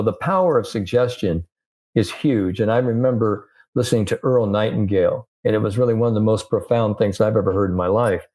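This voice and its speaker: An older man, a sports psychologist, telling stories in a relaxed interview, full of "you know" fillers. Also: fairly low pitch. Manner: animated storyteller, many "you know" fillers, laughs often. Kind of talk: conversational interview storytelling.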